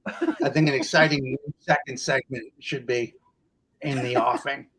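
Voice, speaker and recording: A man co-hosting a comedy podcast, joking in a dry, deadpan way and making mock-grand claims. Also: mid-range voice, normal speed, husky, rough recording. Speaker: podcast co-host and stand-up comedian. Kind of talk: casual comedy podcast chat.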